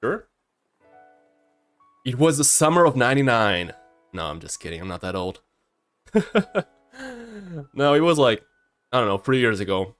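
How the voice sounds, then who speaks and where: A man's voice: mid-range voice, measured pace, pauses often, soft background music. A man in his early twenties, a streamer casually telling a story, shy and prone to stammering. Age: early 20s. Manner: shy and stammering, with a swinging, lively delivery.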